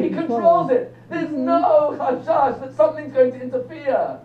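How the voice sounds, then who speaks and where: A man's voice: very high-pitched, moderate pace. Older man lecturing, far off and echoey. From England. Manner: lively, quizzes the audience, jokes. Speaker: rabbi lecturer. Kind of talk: lecture to a live audience. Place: lecture room with an audience. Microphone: phone recording from the audience. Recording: distant, echoey, dull phone recording with faint hum.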